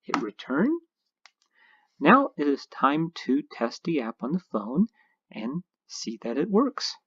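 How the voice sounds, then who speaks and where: A man's voice: a little high, big pitch swings, a little slow, sharp tone, slightly rough, no echo, muffled recording. A man narrating a screencast tutorial, explaining each step patiently as an instructor.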